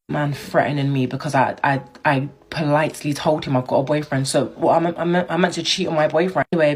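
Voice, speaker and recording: Brief: young woman, casual storytime vlogger, indignant and chatty. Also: low voice. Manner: chatty, indignant, laughing as she tells it.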